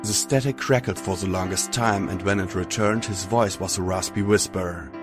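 A man narrating an audiobook in a steady first-person reading. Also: low voice, moderate pace, over music.

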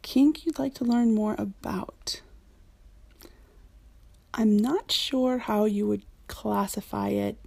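Chatty woman with a dark, creaky voice. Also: mid-range voice, takes it slowly, long pauses, no echo. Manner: chatty, frank, with frequent ums and laughs. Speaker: community member answering a questionnaire. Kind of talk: casual spoken questionnaire.

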